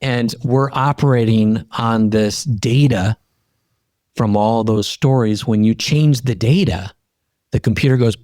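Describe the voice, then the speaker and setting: A middle-aged man, a podcast guest and coach, telling personal stories in an emphatic, animated way that climbs high in pitch when he gets fired up. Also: a little slow, dry recording, clean studio sound. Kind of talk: animated personal storytelling in conversation.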